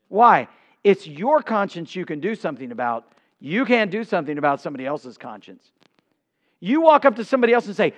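A man preaching a sermon, reading scripture and swinging from quiet asides to emphatic outbursts. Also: sits high, big pitch swings, fairly quick, highs cut off. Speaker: pastor.

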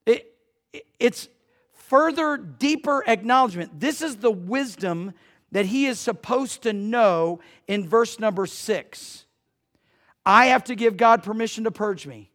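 A male pastor preaching a conversational sermon who banters with his congregation and swings between loud emphasis and hushed passages. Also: high-pitched, animated, a little slow.

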